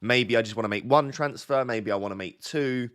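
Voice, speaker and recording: A man's voice: medium pitch, fairly quick, a bit bright. Slightly bunged-up man, rambling. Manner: rambling and self-deprecating, thinking aloud to chat. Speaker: fantasy football streamer. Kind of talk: casual live-stream chat.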